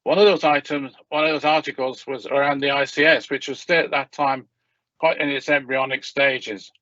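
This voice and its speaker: A man with a croaky voice giving a measured, formal presentation at a meeting, with small restarts. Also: medium pitch, fairly even intonation, bright, forceful tone, no room sound. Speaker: hospital governor presenting at a meeting. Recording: dull, lo-fi meeting audio.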